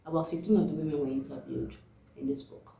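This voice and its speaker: A woman's voice: deep voice, fast, a little hiss or hum. A young woman, chatting casually and animatedly as she reviews a book on her vlog. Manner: chatty and animated, laughs often. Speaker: book vlogger. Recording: echoey room.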